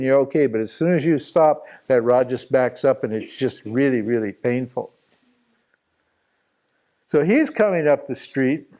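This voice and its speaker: A man teaching at a spiritual retreat, telling a long anecdote with lots of restarts and chuckles. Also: mid-range voice. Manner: rambling, animated anecdote with many restarts and laughs. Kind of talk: storytelling talk at a retreat.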